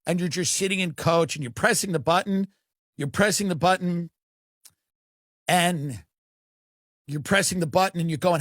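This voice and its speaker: A man's voice: high voice, normal speed, long pauses, a bit bright, no echo, studio quality. A man delivering a rambling, satirical comedic monologue about politics. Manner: rambling, satirical, slips into mocking voices.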